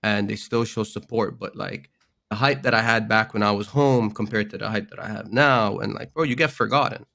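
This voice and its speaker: Casual podcast guest, young man, low gravelly voice, slangy and laid-back. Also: fairly quick, sharp tone. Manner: slangy, laughs often, says "bro" a lot. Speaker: rapper and content creator guest.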